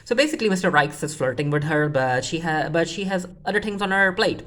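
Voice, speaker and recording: A woman reviewing TV recaps an episode casually, rambling with frequent restarts, offhand asides, and offhand quotes from characters. She talks fast in a lowish, fairly bright voice with lively intonation.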